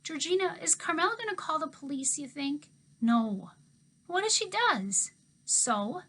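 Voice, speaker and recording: A woman's voice: high-pitched, very animated, measured pace, fairly bright tone, voice pushed up, exaggerated voice. A woman voicing an anxious young boy who pleads and keeps asking worried questions. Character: whiny anxious young boy, little brother.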